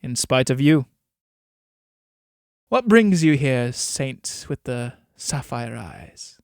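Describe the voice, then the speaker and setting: A man reading the part of a scheming merchant who buys souls, speaking in a measured, coaxing way. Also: mid-range voice, sing-song, creaky, darkish tone, smooth, dry recording, studio quality, exaggerated voice. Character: scheming soul-buying male merchant, cold and persuasive.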